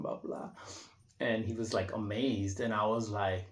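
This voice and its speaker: A man's voice: on the low side, fairly even intonation, unhurried. A man in his thirties talking casually and reflectively in an unscripted monologue, rambling with many restarts and fillers. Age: 30s. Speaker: vlogger. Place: indoor room.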